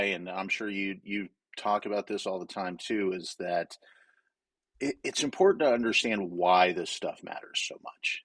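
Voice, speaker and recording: Male guest from Wyoming, low husky voice, candid storyteller, dry close sound. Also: a bit bright, dry recording. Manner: candid, storytelling, many filler restarts. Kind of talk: casual interview talk.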